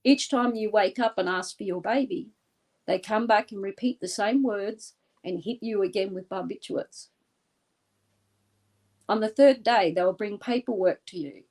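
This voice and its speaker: A woman from Australia, a guest in an interview, leading a guided visualization with an intense, deliberate, vivid way of telling. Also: mid-range voice, darkish tone.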